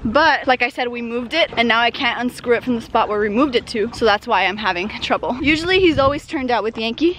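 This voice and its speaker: Chatty young woman, high voice, outdoors. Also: noisy background. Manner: chatty, exasperated, talks to camera while doing chores. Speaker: equestrian vlogger. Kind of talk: casual vlog chat. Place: outdoors at a horse pasture.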